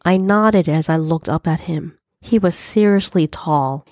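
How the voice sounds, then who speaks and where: Low-voiced woman narrating an audiobook. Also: darkish tone, no echo, clean studio sound. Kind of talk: first-person audiobook narration.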